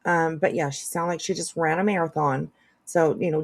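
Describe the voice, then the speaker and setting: A woman's voice: low voice, steady tone, a little fast, gravelly. Chatty woman reacting to clips. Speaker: commentary streamer. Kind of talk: casual live commentary.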